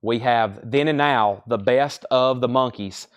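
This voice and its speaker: A man's voice: medium pitch, unhurried, clean tone. Male live-sale host, mid-range voice, casual patter calling out prices and bids. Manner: chatty, rattles off prices and bids. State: out of breath. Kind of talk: casual live-stream auctioneering.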